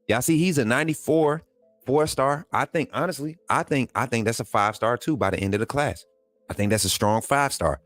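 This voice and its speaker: A man hosting a sports livestream, hyping players and reading chat, excitable and repeating himself in casual slang. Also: medium pitch, dry recording. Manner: excitable, hypes players, talks straight to viewers; repeats phrases, casual colloquial speech. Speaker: sports channel host.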